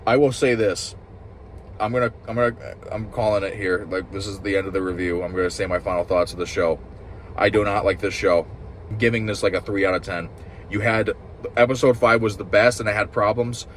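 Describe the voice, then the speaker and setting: A man giving a rambling, frustrated review, swearing often and restarting his sentences while clearly upset. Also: fairly low pitch, level tone, moderate pace, slight background noise. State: upset and agitated. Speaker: show reviewer. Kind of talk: ranting casual review.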